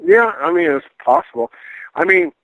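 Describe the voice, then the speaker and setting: A middle-aged man, a paranormal investigator, telling a ghost story in a casual, animated way and acting out the voices he quotes. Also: fairly high pitch, moderate pace, no echo. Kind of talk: casual storytelling on a radio call-in. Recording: dry tinny phone line.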